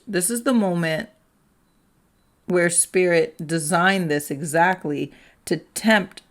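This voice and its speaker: A woman giving a casual tarot reading, chatty, peppering her talk with "like" and "right?", and slipping into quick acted-out quotes. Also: on the low side. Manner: chatty, fills speech with "like" and "right?". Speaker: tarot reader.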